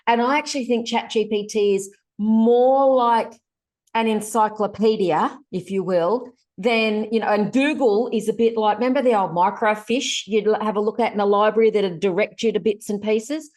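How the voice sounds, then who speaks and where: A woman, chatting casually as a guest on a podcast, in a lively and colloquial way. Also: medium pitch, moderate pace. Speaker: guest, productivity author.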